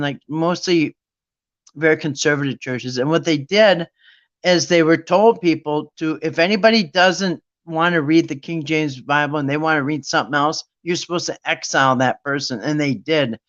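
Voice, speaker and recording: A man's voice: on the high side, fairly bright tone, dull audio. A man hosting a Bible study talk, ranting with sarcasm in a rambling, casual monologue.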